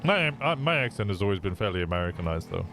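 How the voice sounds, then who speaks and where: Chatty young Midlands Englishman, lowish voice. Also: sing-song, fast talker, background noise. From England. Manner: chatty, swearing, stumbling over words. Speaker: streamer. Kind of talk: casual chat with viewers.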